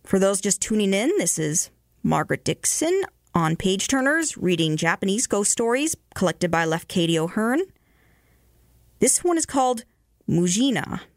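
A woman radio host reading ghost stories aloud in a measured way, slowing and hushing for the eerie parts. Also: mid-range voice, big pitch swings, dry recording, clean studio sound. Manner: measured, slows and hushes for eerie moments.

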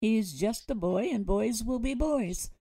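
A woman's voice: fairly high pitch, lively intonation, unhurried, dark tone, husky, no room sound, clean studio sound, voice pushed up, heavily acted. A woman voicing a hearty, joking father who teases his wife and son. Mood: jovial. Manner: jovial, teasing.

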